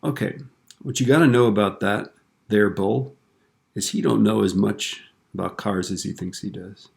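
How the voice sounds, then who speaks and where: A man voicing an unhurried rural farmer with folksy, drawling speech. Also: lowish voice, fairly even intonation, creaky, darkish tone. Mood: dry.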